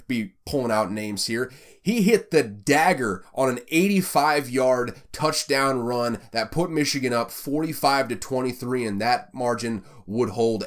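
Man, casual football recap, animated, punches up the big plays, thinks aloud, mid-pitched voice. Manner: animated, builds up big plays with rising emphasis; loose, self-correcting, asks himself questions aloud. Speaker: sports recap host. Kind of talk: casual game recap commentary.

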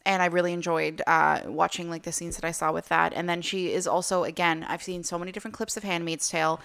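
A young woman co-hosts a casual podcast in a low, slightly gravelly voice. Her tone is smooth and clear, and she talks enthusiastically, filling her sentences with ums and likes. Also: level tone, fast talker, a bit bright. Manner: chatty, filler-heavy, enthusiastic. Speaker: podcast co-host. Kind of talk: casual chat.

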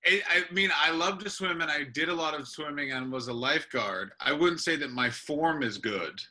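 Guy comedian on a video call, bright tense voice, a bit high, keeps cutting himself off. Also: moderate pace. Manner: animated storyteller, self-interrupting. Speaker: comedian guest. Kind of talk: casual remote interview.

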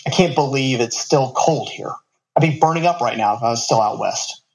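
A man's voice: mid-range voice, normal speed, gravelly, close to an everyday voice, low-quality recording. A man voicing a tough, hard-drinking young woman student who answers curtly and snaps at people. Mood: weary. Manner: curt, snappish.

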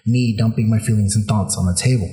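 A man's voice: fairly low pitch, fast talker, warm tone. A man on a podcast in loose casual chat. He gives advice thoughtfully, circling back and restarting his sentences as he builds a metaphor. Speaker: podcast co-host.

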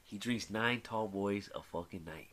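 A young man co-hosting a podcast, telling stories in casual banter, swearing freely and getting animated. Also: fairly low pitch, unhurried. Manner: animated, profane storytelling. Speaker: podcast co-host. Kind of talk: casual drinking-buddy banter.

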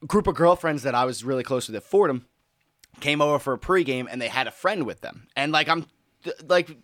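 A man's voice: mid-range voice, a little fast, no room sound, clean studio sound. A man in his twenties telling a funny story in casual chat, laughing often and imitating voices. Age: 20s. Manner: animated, laughs through stories, mimics voices.

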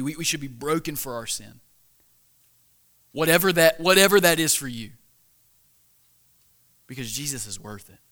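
A man's voice: on the high side, sharp tone. A young man preaching a weekly sermon in a casual, conversational way, asking the crowd questions and often restarting his sentences. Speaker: pastor.

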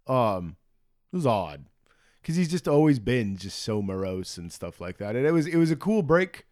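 A man co-hosting a podcast in casual chat, swearing freely and slipping into quick impressions when he quotes people. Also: mid-range voice. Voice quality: profane, animated, mimics voices in quotes. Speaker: podcast co-host.

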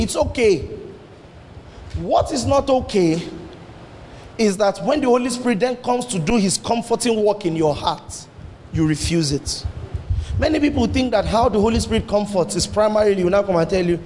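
A man with a high voice preaches a sermon in a church hall, full of rhetorical questions and sudden leaps and drops in pitch. A long hall reverb trails every phrase. A faint hum of ambience sits underneath. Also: a little mellow.

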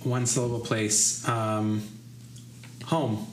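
A man's voice: fairly low pitch, fairly even intonation, takes it slowly. A man co-hosting a podcast, chatting casually and hesitant, poking fun at himself. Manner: self-deprecating, hesitant. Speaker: podcast co-host. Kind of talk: casual chat. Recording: roomy echo, faint noise.

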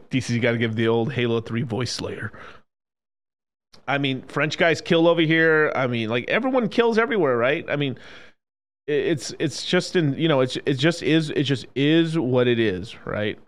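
A man ranting casually on a stream, profane and animated, swinging between loud outbursts and low mutters. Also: normal speed.

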